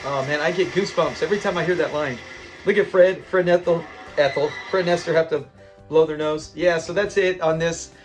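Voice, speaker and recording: A man's voice: a little high, a little fast, soft background music. A man hosting a classic TV reaction channel, talking in an enthusiastic, rambling and sentimental way. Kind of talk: casual commentary.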